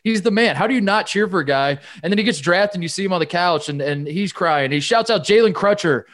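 Excitable man ranting about basketball. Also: sits high, a little fast. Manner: excitable, ranting, swears when heated. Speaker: podcast co-host. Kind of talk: casual sports chat.

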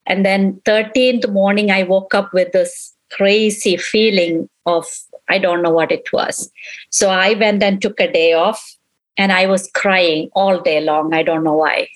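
A middle-aged woman in an interview, recounting a painful memory in halting speech that repeats itself and acts out past conversations. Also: medium pitch, steady tone, poor audio. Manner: halting, repeats herself, relives quoted dialogue. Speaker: interviewee, mother of victim.

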